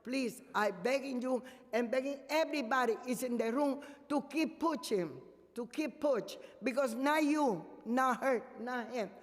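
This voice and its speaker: A man whose first language is Spanish, giving earnest, halting testimony at a public hearing and pleading with the committee. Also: very high-pitched. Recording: echoey council hearing room.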